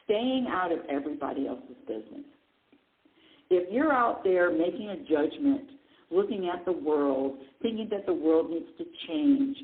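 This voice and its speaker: Lively woman host on a phone-like line. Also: fairly low pitch. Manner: animated, asks herself questions and answers them, chuckles often. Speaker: radio show host and spiritual teacher. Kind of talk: spiritual talk radio monologue.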